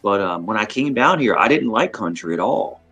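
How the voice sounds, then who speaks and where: A man's voice: fairly low pitch, expressive, normal speed, fairly bright tone, breathy edge, dull audio, soft background music. A man from New York with a New York accent touched by Boston and a Southern twang, rambling and repeating himself in casual group chat. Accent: New York with some Boston and a Southern twang.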